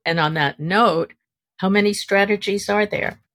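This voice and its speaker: A woman's voice: medium pitch, a little slow, fairly bright tone, no echo. A woman co-hosting a podcast, asking the guest questions and giving short encouraging responses. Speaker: podcast co-host. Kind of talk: interview questions.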